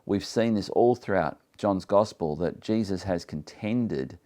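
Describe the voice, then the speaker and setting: A man with a very low, deep voice leads a Bible study. He is earnest and emphatic, reading passages aloud and then unpacking them in his own words, and he sometimes stumbles and restarts as he presses a point. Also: a little slow, mellow. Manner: earnest, reads scripture aloud then explains it. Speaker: Bible teacher.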